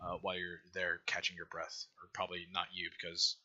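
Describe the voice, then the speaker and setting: Bright-voiced man narrating as game master. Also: sits low, completely flat delivery, brisk, lo-fi sound. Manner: casual, loose narration full of "like" and "uh".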